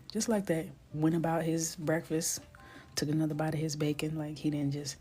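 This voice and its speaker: Woman, thirties, casual live-stream chat, playful storyteller, low voice, soft music underneath. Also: moderate pace, slightly rough. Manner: playful, animated storytelling, drops to whispers. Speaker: illustrator streaming coloring.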